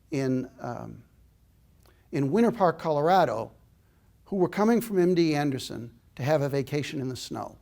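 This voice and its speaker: A man's voice: a little high, a little mellow. Older man telling an earnest story. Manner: earnest, reflective storyteller with small restarts. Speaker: inspirational speaker. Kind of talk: personal storytelling talk.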